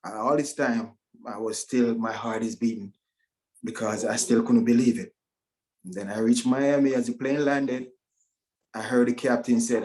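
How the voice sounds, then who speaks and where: A middle-aged man giving a halting, emotional personal testimony over a video call. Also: mid-range voice, darkish tone, a little hiss or hum. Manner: emotional, halting, with many restarts. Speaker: guest speaker at a virtual event.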